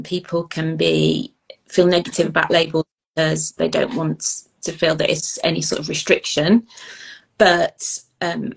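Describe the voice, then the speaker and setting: A middle-aged woman, an ADHD youth coach, speaking earnestly in an interview with many pauses and ums. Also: on the low side, vocal fry, husky, low-quality recording. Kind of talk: interview conversation.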